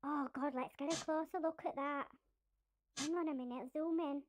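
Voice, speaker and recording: A woman playing a nosy, excitable working-class woman in a comedy sketch, chattering to herself with gasping exclamations. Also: high-pitched, moderate pace, a little hiss or hum, close to an everyday voice. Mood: gushing.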